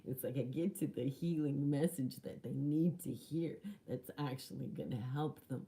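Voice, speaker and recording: A woman coach telling a personal story in an animated way, often dropping into hushed, whispery asides. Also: extremely low pitch. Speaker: spiritual coach.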